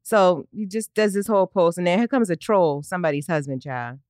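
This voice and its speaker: A woman co-hosting a casual podcast, talking in an animated way, swearing and laughing often. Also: lowish voice, fairly quick, no echo, clean studio sound. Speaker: podcast co-host. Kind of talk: casual chat.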